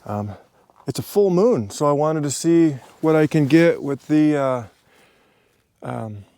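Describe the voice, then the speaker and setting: A man's voice: fairly high pitch, animated, slow pace, warm tone, no room sound. A man with an American accent, casually narrating an outdoor camping vlog into a handheld action camera. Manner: chatty, easygoing, with fillers and laughs. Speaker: travel vlogger. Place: outdoors on a desert cliff and campsite.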